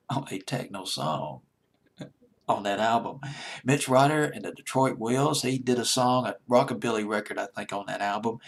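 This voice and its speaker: A chatty man with an Alabama drawl counts down old hits like a deejay. His voice is a little husky and sits at an ordinary pitch. He's loose and enthusiastic, and he laughs and restarts his sentences. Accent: Southern US (Alabama). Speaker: radio-style countdown deejay. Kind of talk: casual countdown commentary.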